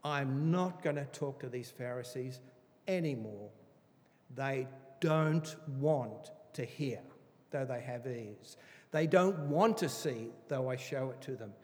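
A man teaching through a Bible passage in an animated, emphatic, chatty way. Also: mid-range voice, slow. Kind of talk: conversational Bible study sermon. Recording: reverberant hall.

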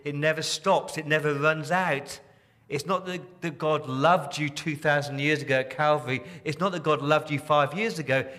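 A man preaching in a church, his voice sitting at an ordinary middle pitch. He drops to near-whispers on tender phrases, then rises loud and insistent as he repeats a point. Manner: swings from hushed tender lines to loud emphatic repetition. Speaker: pastor. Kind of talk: sermon.

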